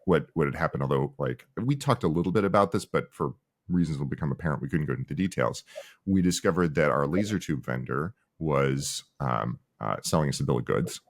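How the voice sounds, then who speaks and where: Founder guest, middle-aged man, low voice, chatty, acts out quotes. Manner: animated storyteller, acts out quoted people. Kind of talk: casual interview conversation.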